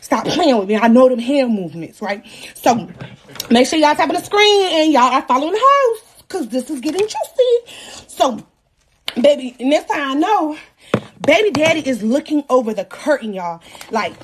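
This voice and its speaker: Animated young woman telling a wild story. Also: high voice, moderate pace, a little hiss or hum. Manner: animated, profane, self-mocking, acts out voices. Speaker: vlogger. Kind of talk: casual storytelling to viewers.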